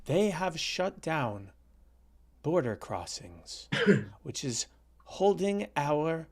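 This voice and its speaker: A man's voice: fairly high pitch, big pitch swings, drawn-out words, darkish tone, voice pushed up, heavily acted. A man doing a smug whiny politician impression. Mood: mocking. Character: mock prime minister, smug nasal politician man.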